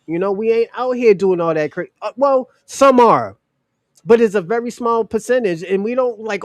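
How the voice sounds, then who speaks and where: A man's voice: very high-pitched, normal speed, no room sound, clean studio sound. A man in his forties giving casual political commentary, emphatic and indignant, often repeating his phrases. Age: 40s. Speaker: commentary host.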